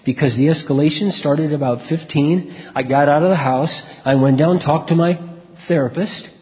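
A man's voice: a little high, moderate pace. Earnest man preaching in a reverberant hall. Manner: earnest, repetitive preaching cadence. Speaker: pastor. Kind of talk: sermon. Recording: reverberant hall, dull lo-fi sound.

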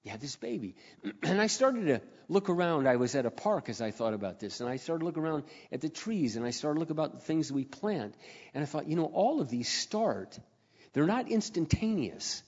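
Animated male preacher in an echoey hall. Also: a little high, a little fast. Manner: animated, swings from hushed to loud exclaims. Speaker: speaker. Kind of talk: sermon storytelling. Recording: echoey hall, dull lo-fi sound.

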